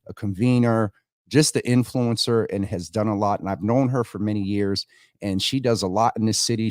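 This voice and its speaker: A man's voice: lowish voice, dry recording, studio quality. A man hosting a casual morning livestream, chatting and greeting viewers by name as they join. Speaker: livestream host.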